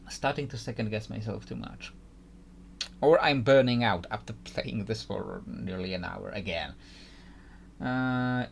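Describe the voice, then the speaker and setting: Man, gaming commentary, unhurried, gravelly, hesitant, thinks aloud. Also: fairly low pitch, a little hiss or hum. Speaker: gaming YouTuber. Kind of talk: casual gameplay commentary.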